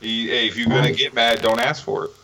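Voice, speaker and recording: A man's voice: mid-range voice, steady tone, brisk, pushed and bright, distant mic, rough recording. A man co-hosting a podcast, dropping short dry interjections in casual chat. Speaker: podcast co-host.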